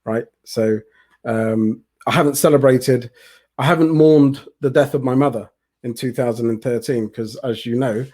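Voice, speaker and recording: Host, man, 40s: warm mellow tone, stumbling and restarting as he talks. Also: medium pitch. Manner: halting, with many restarts. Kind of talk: casual interview chat.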